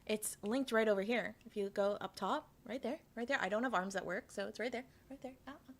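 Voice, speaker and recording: A woman's voice: medium pitch, brisk, a bit bright. Chatty Canadian woman streaming casually. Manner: chatty, frank, swears freely; reads chat aloud and answers it. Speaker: VTuber streamer. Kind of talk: casual livestream chat.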